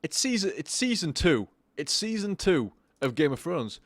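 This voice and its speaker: A man's voice: fairly high pitch, big pitch swings, moderate pace, no room sound. A drunk young man streaming a game live, rambling, swearing and stammering over his own words.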